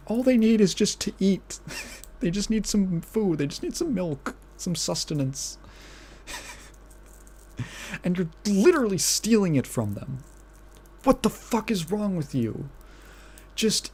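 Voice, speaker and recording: Slow-talking, outraged podcast host. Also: mid-range voice, a little mellow. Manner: outraged, incredulous and profane, repeating phrases, with bursts of laughter. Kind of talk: casual podcast rant.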